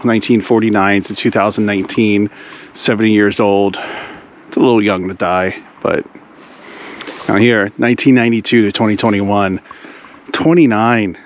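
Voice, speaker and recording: A man's voice: fairly low pitch, fairly even intonation, moderate pace, pauses often, a little hiss or hum, low-quality recording. A man casually vlogging while strolling through a snowy cemetery, rambling and thinking aloud with lots of "like". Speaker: travel vlogger. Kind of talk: casual walking vlog. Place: snowy cemetery outdoors in winter.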